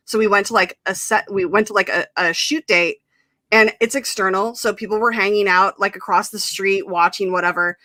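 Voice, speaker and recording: Bright, lively young woman host. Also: medium pitch, a little fast, no echo. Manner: animated storyteller, many fillers, laughs often. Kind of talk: casual chat, storytelling. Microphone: live stream mic.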